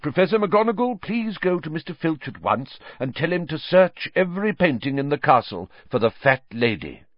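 A man voicing a calm, quiet elderly male headmaster wizard, on a dull lo-fi audiobook recording. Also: on the high side, moderate pace, few pauses, no echo, pitched above the performer's own voice.

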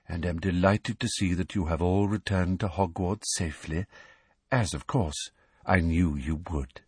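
Man doing a floaty dreamy prophecy teacher lady, soft and slow. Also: deep voice, husky, dry recording, heavily acted.

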